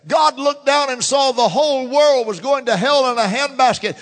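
A fervent man preaching a sermon in a church, swinging from loud declarations to hushed murmurs. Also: very high voice, normal speed, hardly any pauses. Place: church sanctuary. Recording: long church reverb.

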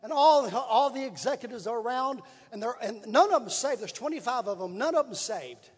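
A man's voice: very high voice, lively intonation, a little fast, husky. A man preaching, telling a folksy story with repetition and building emphasis. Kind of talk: sermon storytelling. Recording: long reverb in a large hall.

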